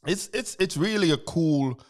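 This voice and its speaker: Animated man with a Jamaican accent. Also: fairly high pitch, measured pace. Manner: animated storyteller, laughs easily. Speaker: guest. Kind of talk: casual chat.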